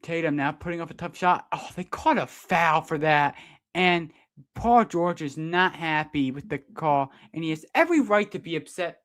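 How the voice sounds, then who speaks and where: Excitable man calling a game live. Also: fairly high pitch. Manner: partisan, quick to protest calls, excitable. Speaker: sports streamer doing play-by-play. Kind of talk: live fan play-by-play commentary.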